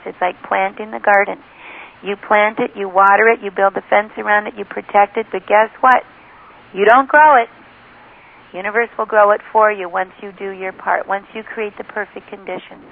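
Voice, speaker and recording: Woman author on a phone interview, lively storyteller, thin phone-line sound. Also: medium pitch. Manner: enthusiastic storytelling, quotes others often. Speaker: author and spiritual teacher. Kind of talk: phone interview, teaching talk.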